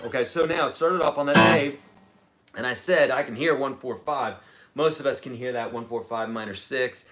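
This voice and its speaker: A man's voice: mid-range voice, normal speed, a bit bright. A man teaching a live-streamed guitar lesson, chatty and explaining, humming riffs as he goes.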